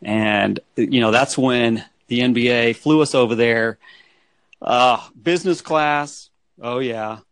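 A man with a gravelly, creaky voice chats loosely, restarting sentences and laughing as he tells his stories. The sound is dry and close. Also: medium pitch, takes it slowly, no room sound. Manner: rambling, laughs often, restarts. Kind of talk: casual storytelling chat.

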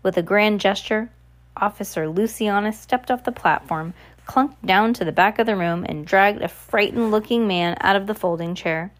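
A woman's voice: medium pitch, moderate pace. A woman reading a novel aloud, who sometimes stumbles and corrects herself. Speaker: audiobook reader.

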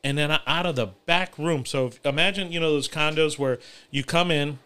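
A man's voice: a little high, brisk, clear, resonant tone. A young adult man hosting a podcast, telling a story in casual, profane chat. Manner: profane, animated anecdote-telling with laughs. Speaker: podcast host.

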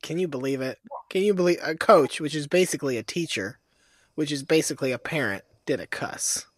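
A man's voice: fairly high pitch, fairly quick, dry recording. A man co-hosting a comedic podcast, speaking in a mock-serious, sarcastic way. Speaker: podcast co-host.

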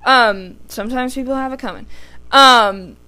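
A woman's voice: a little high, normal speed, bright, forceful tone, clear, resonant tone. A young woman hosting a podcast, talking candidly in a casual, heartfelt way and swearing freely. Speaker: podcast host. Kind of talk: casual solo podcast talk.

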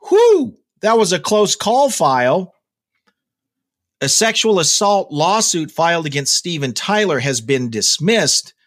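Man, podcast host, slightly high voice, casual news chat, jokey, rambling with fillers. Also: fairly bright tone. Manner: chatty, jokey asides, many fillers and restarts.

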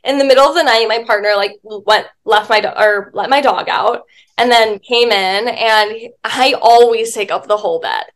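A woman's voice: fairly high pitch, moderate pace, fairly bright tone. A woman guest, a spiritual life coach, chatting casually in an interview, telling stories with lots of filler words and the odd swear.

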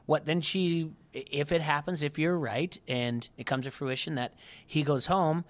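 A podcast co-host chatting casually with a mid-pitched voice. The talk rambles with frequent restarts. Scenes from the show get retold with animation. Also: fairly even intonation, moderate pace. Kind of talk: casual chat.

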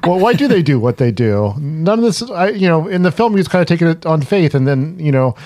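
A man talks haltingly in a relaxed podcast discussion, pausing and searching for words. The sound is dry and close, with no room echo. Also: fairly high pitch. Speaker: podcast co-host. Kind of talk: casual discussion.

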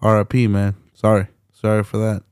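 A man's voice: lowish voice, monotone, normal speed, a little mellow, clear, resonant tone, no echo, studio quality. A young man hosting a solo podcast late at night, ranting bluntly with heavy profanity and slang. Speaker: podcast host.

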